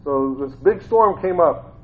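A man's voice: fairly high pitch, expressive, unhurried. Man giving a Bible talk over a tinny line. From Ohio, United States. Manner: conversational, repeats phrases, grows more fervent. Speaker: lay preacher, former school teacher. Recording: tinny phone-like sound.

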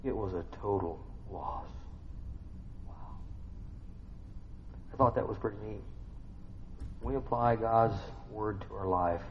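A man's voice: on the low side, slow, long pauses, a little hiss or hum. A man giving an informal sermon, talking to listeners conversationally, asking them questions and humming to himself between points. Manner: conversational, asks listeners questions, hums and affirms. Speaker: preacher. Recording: dull lo-fi recording with long hall reverb.

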